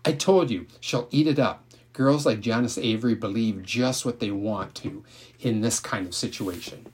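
A man reading aloud and voicing a bright, bossy schoolgirl who loves to scheme, with slow teasing emphasis. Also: fairly low pitch, natural voice. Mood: scheming.

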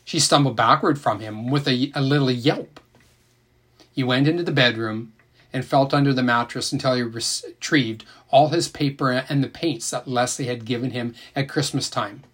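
Man giving an expressive audiobook reading. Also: medium pitch. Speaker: narrator. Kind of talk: audiobook narration.

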